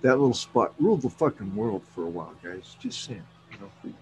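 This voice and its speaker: A man's voice: fairly low pitch, big pitch swings, brisk, darkish tone, soft background music. A man chatting casually, rambling and swearing, laughing often. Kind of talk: casual chat. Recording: noisy background.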